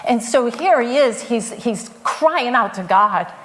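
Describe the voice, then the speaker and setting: A woman's voice: on the high side, expressive, takes it slowly, a bit bright, a little hiss or hum. A woman preacher giving a sermon, telling the story in a conversational way with frequent fillers.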